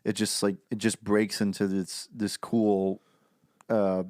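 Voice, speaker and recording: A man co-hosting a podcast in casual chat, halting and repeating words, quick to laugh. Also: lowish voice, level tone, a little mellow, no room sound, studio quality. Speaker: podcast co-host.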